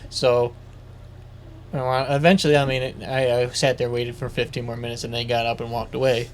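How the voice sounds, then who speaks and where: A man with an average-pitched voice, talking casually as a guest. He rambles and works his thoughts out aloud, with a faint background noise. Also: little pitch movement, fairly quick. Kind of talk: casual hunting chat.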